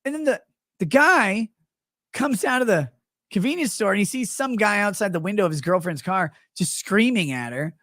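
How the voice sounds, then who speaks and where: A man's voice: high voice, expressive, moderate pace, pushed and bright, dry recording. Man, livestream host, casual mocking commentary, acts out quotes, dry close sound. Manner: sarcastic, mocking, acts out quoted people in put-on voices.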